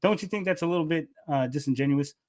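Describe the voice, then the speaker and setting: A man's voice: fairly high pitch, fast, darkish tone. A man arguing heatedly and insistently, often interrupting and repeating himself. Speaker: debater. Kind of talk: heated argument.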